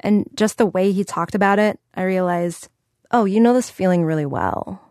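A woman hosting and reporting, narrating a scripted story in a clear, conversational way. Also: mid-range voice, moderate pace, darkish tone, no echo. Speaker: host and reporter. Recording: dry studio sound.

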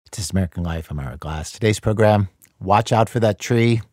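A man hosting a radio documentary show, delivering scripted narration in a measured, dry, conversational way. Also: fairly low pitch, darkish tone, dry recording.

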